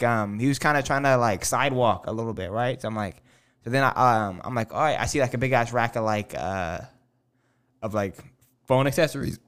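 Among friends, a man tells a sprawling, loose tale, leaning heavily on fillers and curse words. His voice is mid-range, a bit bright, and smooth.

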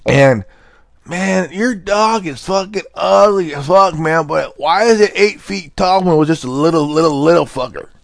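A man's voice: fairly high pitch, normal speed, vocal fry, no room sound, clean studio sound. A man rambling through a casual monologue, laid-back and profane, full of slang and fillers. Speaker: podcast host.

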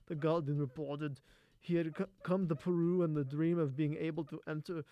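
A man putting on the voice of a gruff male action star, reading a news story in a stiff, halting way. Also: on the high side, steady tone, muffled recording, natural voice. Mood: mock-serious. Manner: stiff, halting, stumbles over words.

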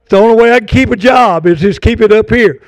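A man's voice: sits high, fast, no room sound. An older man preaching a fervent sermon to his congregation, with folksy asides. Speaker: pastor. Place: church sanctuary.

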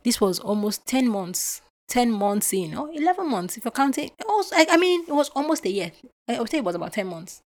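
A woman's voice: on the high side, brisk. A young adult woman from Nigeria hosting a podcast, telling a personal story with emotion and acting out what was said. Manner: animated, emotional retelling with acted-out quotes. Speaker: podcast host.

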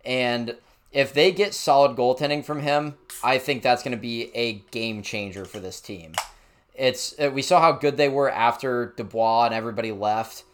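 A man's voice: mid-range voice, moderate pace, a bit bright, smooth. A man co-hosting a casual sports podcast, joking bluntly and swearing freely. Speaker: podcast co-host.

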